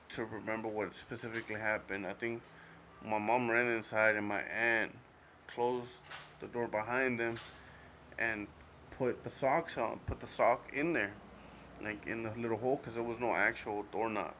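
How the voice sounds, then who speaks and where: A man's voice: on the low side, a bit bright, slight background noise. A young man hosting a podcast, telling a story alone in a rambling, casual way, heavy on fillers and swearing. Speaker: podcast host.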